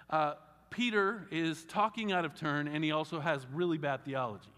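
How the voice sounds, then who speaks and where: Animated man preaching in a reverberant hall. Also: a little high, normal speed. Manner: conversational, animated, wry asides. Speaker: pastor. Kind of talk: sermon. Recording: long reverb of a large hall.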